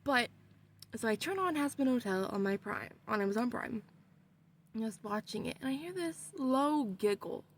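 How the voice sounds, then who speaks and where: Lively husky young woman telling a story. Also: fairly high pitch, normal speed. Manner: animated storytelling with frequent swearing. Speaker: vlogger. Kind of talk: casual storytime.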